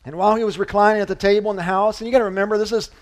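Male pastor with a high voice, preaching in a loose conversational way, punching up key lines and dropping low for quiet points. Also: very fast. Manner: conversational, animated preaching with restarts and asides; swings from loud emphasis to quiet low delivery. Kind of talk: sermon.

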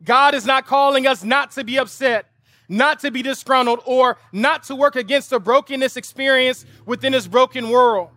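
A man's voice: very high-pitched, moderate pace, bright, forceful tone, dry recording, studio quality. A man preaching a sermon as pastor, telling a family story and building to emphatic, repeated rhetorical appeals. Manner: impassioned preaching with vivid storytelling and emphatic repetition. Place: outdoor lawn service.

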